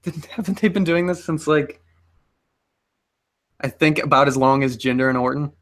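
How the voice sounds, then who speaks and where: A man's voice: a little high, normal speed, fairly bright tone. A man co-hosting a casual chat, pushing back on points and asking pointed questions. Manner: argumentative, asks pointed questions. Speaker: podcast co-host.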